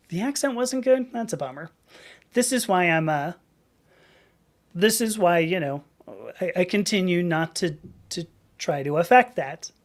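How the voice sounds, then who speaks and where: This Southern middle-aged woman's voice sits on the low side, expressive and a little slow, with frequent pauses. Through her webcam mic, she hosts a relaxed live stream, rambling, chuckling at herself, and reading chat messages.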